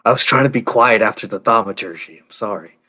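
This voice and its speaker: A man's voice: lowish voice, fast, sharp tone. A man playing in a tabletop game, joking around and swearing freely. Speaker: player. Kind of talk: casual tabletop game chat.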